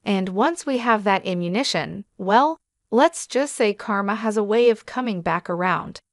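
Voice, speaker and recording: A woman voicing a rugged, confident male private investigator with a measured, quietly menacing manner, in an audio story. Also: mid-range voice, no echo, studio quality, natural voice.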